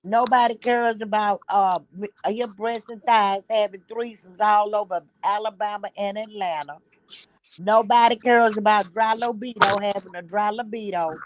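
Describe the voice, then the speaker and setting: A woman joins a casual online chat over a video call. She rants bluntly and with sass, piling up one complaint after another. Her voice sits at an everyday middle pitch. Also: background noise. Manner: blunt, sassy, ranting commentary. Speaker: guest.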